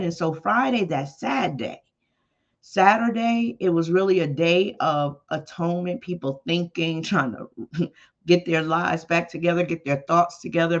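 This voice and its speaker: A preacher retelling a story in a conversational sermon, with emphatic exclamations. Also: medium pitch. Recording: dull lo-fi podcast audio.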